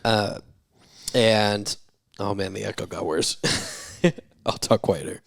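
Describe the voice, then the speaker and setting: Animated man retelling a plot. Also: lowish voice, slow pace, gravelly, dry recording, clean studio sound. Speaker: podcast co-host. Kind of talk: casual movie review chat.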